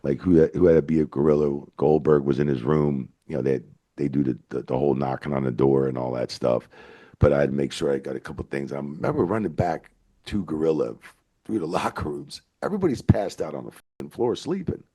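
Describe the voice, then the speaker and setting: A man in his fifties, a veteran referee, telling rambling, animated stories with plenty of swearing in a casual interview. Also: very deep voice, fairly quick, husky. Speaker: veteran wrestling referee, guest.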